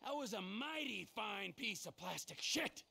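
Gravelly unhinged game criminal, swings wild high and low, menacing. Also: male voice, unhurried, exaggerated voice. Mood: mock calm. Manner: abrupt, menacing, swings between yelling and mock calm. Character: volatile, violent middle-aged male criminal. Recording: game audio over background noise.

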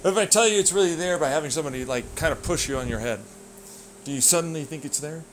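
A man in a rambling, profane vlog rant that swings between low muttering and loud outbursts. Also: fast talker, slight background noise. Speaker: vlogger. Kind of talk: ranting monologue.

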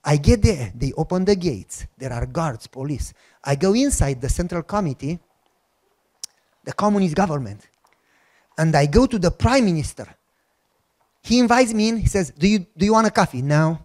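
A man with a Romanian accent telling a personal testimony as a sermon, acting out the dialogue and bursting into shouts. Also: a little high, normal speed, long pauses. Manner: animated storytelling with acted-out dialogue and shouted outbursts. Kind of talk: sermon storytelling.

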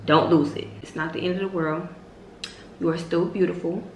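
A woman in her twenties giving emphatic, repetitive motivational faith talk as a vlog host, with sudden loud high exclamations. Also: fairly even intonation, normal speed. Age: 20s. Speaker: vlogger host. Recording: roomy echo with faint hiss.

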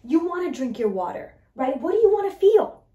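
A woman coaching her listeners on mindset, talking in an animated way and asking "right?" again and again. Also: extremely high pitch, fairly quick, reverberant. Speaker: mindset and weight-loss coach. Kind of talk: motivational talk to listeners.

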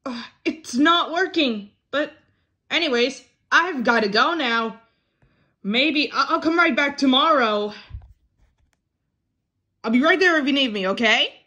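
A woman's voice: sits high, animated, a little slow, long pauses, sharp tone, exaggerated voice. A woman voicing a flustered puppet who has the hiccups and keeps sighing and dithering in an amateur puppet show. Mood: fretful.

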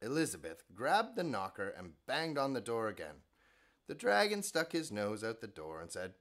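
A man hosting a children's bedtime show, narrating stories in a gentle, playful, expressive way. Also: lowish voice, normal speed.

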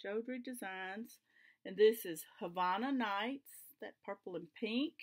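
A woman's voice: mid-range voice, measured pace. A woman with a Southern US accent chatting casually to camera from her home craft room, homey and enthusiastic. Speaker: flosstube vlogger.

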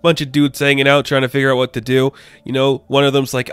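A man's voice: mid-range voice, completely flat delivery, quick pace, a bit bright, smooth, dry recording. A young man giving a casual comic book review, rambling and enthusiastic with lots of filler words.

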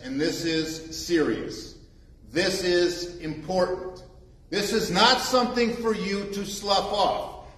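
A man's voice: sits high, echoey room, low-quality recording. A man preaching a sermon as pastor after reading scripture, emphatic and repeating key phrases for weight. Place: church sanctuary.

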